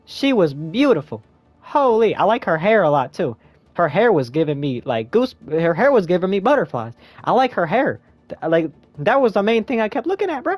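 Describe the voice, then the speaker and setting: A young man gives a rambling, slangy spoken movie review in a casual chat style, jumping into a high squeaky voice whenever he quotes himself. His delivery is sing-song at normal speed, the recording dry with faint music behind.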